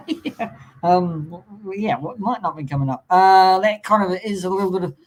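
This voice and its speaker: A man's voice: sits high, expressive, normal speed, poor audio. A man with a New Zealand accent hosting a casual live-streamed chat, full of ums and uhs as he welcomes viewers. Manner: hesitant, many ums and uhs, friendly welcoming. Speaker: podcast host.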